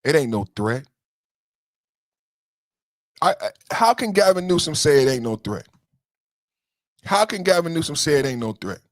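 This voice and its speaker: A podcast host delivers heated, emotional, profane commentary on a livestream, circling back to his points and addressing chat commenters directly. His voice is a little high with big pitch swings at a moderate pace, and the sound is close and dry with no echo.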